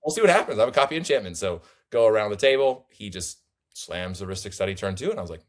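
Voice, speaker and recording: A young man with a very low, deep voice tells his tournament story in a loose, rambling way. He jumps between thoughts and restarts his sentences, animated and conversational. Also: fast talker. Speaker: tournament player guest. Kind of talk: casual conversational recap.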